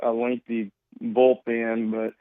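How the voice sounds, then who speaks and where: A man's voice: mid-range voice, completely flat delivery, slow, dry recording. Guy calling in on a phone line, tinny and dry, keeps restarting his sentences and chuckling. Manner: rambling, self-correcting, chuckling. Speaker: guest. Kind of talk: casual phone interview.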